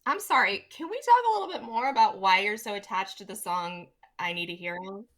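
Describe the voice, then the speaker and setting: A woman co-hosting a podcast in easy, casual chat, full of quick jokes and lively asides. Her voice is bright and forward, sitting in a middle range for a woman. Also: mid-range voice. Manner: animated, joking, quick asides. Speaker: podcast co-host.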